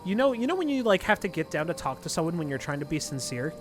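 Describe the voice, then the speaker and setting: A man's voice: a little high, sing-song, fast, faint music behind. A man narrating a tabletop game as dungeon master, rambling with many fillers. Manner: rambling, filler-heavy, casual.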